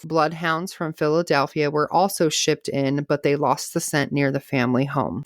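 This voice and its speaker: A woman with a low voice narrates a true crime case for a podcast. She reads steadily and breaks off now and then for casual asides and laughter. The sound is dry and close. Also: dry recording. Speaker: podcast host.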